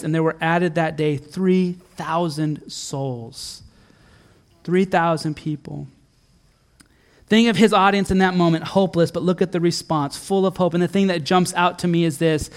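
A middle-aged pastor preaches a sermon in church. He's earnest, building to emphatic peaks before dropping soft and low.

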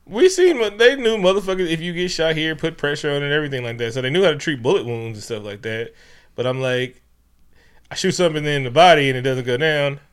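A man's voice: fairly high pitch, fast talker, smooth. A man co-hosting a podcast, casually recapping a movie in a loose, profane, joking way. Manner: loose, profane, laughing storyteller. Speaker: podcast co-host.

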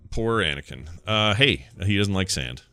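A man's voice: lowish voice, lively intonation, unhurried, bright, forceful tone, clear, resonant tone, no room sound. A middle-aged man hosting a podcast in casual, jokey, rambling chat, laughing often. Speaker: podcast host.

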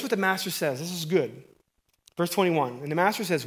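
A middle-aged man preaching a conversational, energetic sermon, loud on emphasis and hushed on asides. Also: on the high side, brisk.

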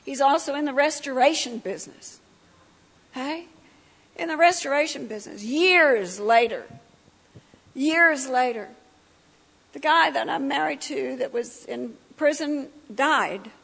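A woman's voice: high voice, normal speed, vocal fry, fairly bright tone. A middle-aged woman giving her personal testimony at a church breakfast, telling the story vividly and acting out what people said. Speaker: guest speaker sharing her testimony. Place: church meeting hall. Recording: long hall reverb.

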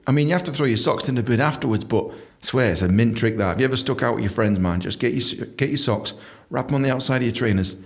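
A man telling a comic story, animated, often jumping into squeaky high voices for jokes. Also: fast talker. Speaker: comedian storyteller.

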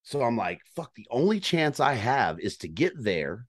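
A man telling a hunting story in casual chat, animated and profane, acting out calls and his own reactions. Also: mid-range voice, normal speed. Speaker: guest storyteller on a hunting podcast.

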